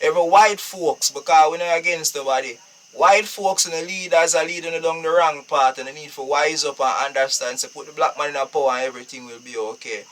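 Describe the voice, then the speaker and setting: A man's voice: a little high, fairly quick, a bit bright, recorded from a distance. A Jamaican man talking casually on a live stream, preachy and emphatic, repeating his phrases.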